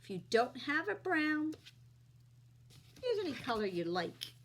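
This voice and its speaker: A woman teaching young children phonics, slowly sounding out letters and vowel sounds with patient encouragement. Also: sits high, very animated, a little hiss or hum.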